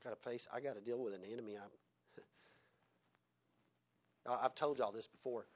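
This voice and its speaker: A man preaching a sermon, swinging between loud exhortation and quiet asides where he chuckles. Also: mid-range voice, fairly even intonation, moderate pace.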